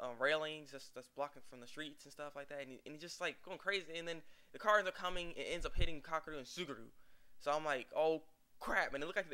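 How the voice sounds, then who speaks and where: A man's voice: on the high side, pushed and bright, clear, resonant tone. A young man casually recapping an anime episode, rambling and acting out the characters' lines with laughs. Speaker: anime reviewer.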